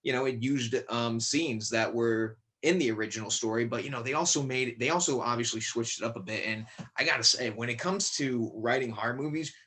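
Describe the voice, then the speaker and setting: A man about twenty from Connecticut talks as a podcast guest with a middle-pitched voice. He rambles and keeps restarting with lots of fillers. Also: brisk, pushed and bright. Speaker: guest, young actor. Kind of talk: casual podcast interview.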